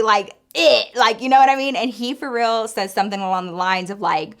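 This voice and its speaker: A young adult woman telling a story in a casual vlog, animated and swearing, acting out the voices of the people in it. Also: a little high, a little fast.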